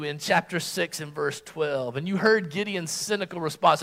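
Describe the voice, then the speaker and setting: A preacher delivers a sermon at a church service in a high, bright voice with a forceful, creaky edge, animated and at a moderate pace with few pauses. He drives his points home emphatically, then drops to hushed, quiet tones when quoting.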